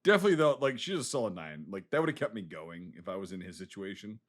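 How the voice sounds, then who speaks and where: Blunt man with a lively voice. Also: low-pitched, quick pace. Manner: blunt, heavy swearing. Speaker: podcast co-host. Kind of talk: casual chat.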